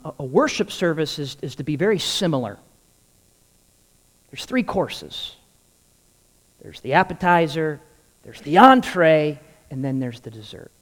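A male pastor with a high voice leads into his sermon with a funny personal story, playing each part of the dialogue as he goes. His words ring out with long reverb in a large church hall. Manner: humorous storytelling, acting out dialogue.

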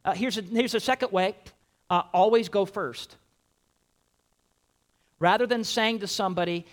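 A man's voice: high voice, moderate pace, long pauses. Man preaching an emphatic, conversational sermon. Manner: emphatic, conversational preaching with lively quoted asides. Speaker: pastor.

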